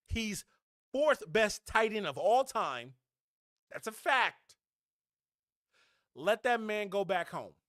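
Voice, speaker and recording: A man's voice: high voice, a bit bright, no room sound, clean studio sound. A man hosting a fan podcast, delivering a blunt, heated, preachy sports rant.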